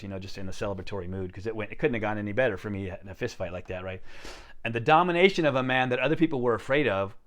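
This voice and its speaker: A man's voice: lowish voice, very fast. A man casually telling a story from his own life, rambling and conversational, often acting out the lines of the people in it. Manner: rambling, conversational, frequent "you know" and restarts, gets quiet on quoted lines; lively storyteller who acts out the other people's lines.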